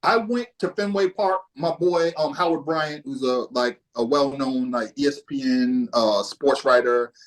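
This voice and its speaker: A man's voice: medium pitch, measured pace, hardly any pauses, poor audio. Casual, cussing storyteller man from Boston. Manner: laid-back, profane, anecdotal. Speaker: podcast guest, music historian.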